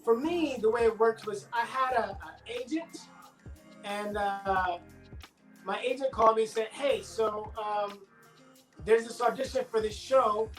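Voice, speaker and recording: Animated middle-aged man telling stories. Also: high-pitched, unhurried, reverberant, faint music behind, low-quality recording. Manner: animated, acts out the dialogue of people in his stories. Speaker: actor guest. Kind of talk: casual interview storytelling.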